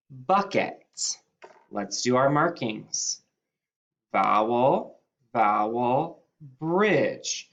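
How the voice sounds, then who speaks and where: Male first-grade teacher, patient and unhurried, lively pitch when sounding out words. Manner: sounds out letters and stretches key words upward. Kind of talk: slow, patient phonics lesson.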